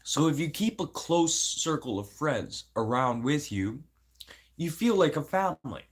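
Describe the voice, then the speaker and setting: A man's voice: a little high, lively intonation, measured pace, husky. An adult man venting casually to camera, blunt and rambling, swearing constantly and sounding aggrieved. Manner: emotional, aggrieved. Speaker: vlogger.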